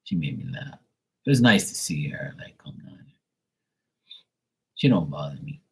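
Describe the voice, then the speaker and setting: Low husky dude ranting about family, swears a lot, real blunt. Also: male voice, very animated, moderate pace, darkish tone, poor audio. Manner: blunt, profane, venting. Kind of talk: casual chat.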